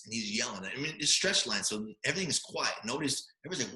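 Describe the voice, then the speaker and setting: A man in his forties from Hawaii, a podcast guest telling stories in a lively, casual way, full of fillers and "right?" tags. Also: medium pitch, fast talker. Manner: animated storyteller, many fillers and tag questions. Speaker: podcast guest, former quarterback. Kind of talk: storytelling in a casual interview. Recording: roomy echo.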